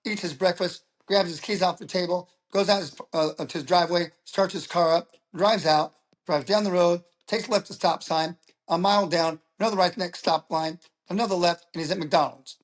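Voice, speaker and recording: A middle-aged man, a public speaker, talking as an interview guest and telling stories in a lively way. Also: high voice, normal speed. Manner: animated storyteller who acts out quoted voices. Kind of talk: casual interview talk.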